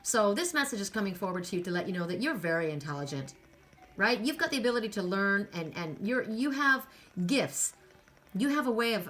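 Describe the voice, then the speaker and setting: A woman's voice: mid-range voice, fairly bright tone. A middle-aged woman doing a casual spiritual card reading. She talks in a chatty way, often repeats words and keeps adding "right?". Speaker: oracle card reader.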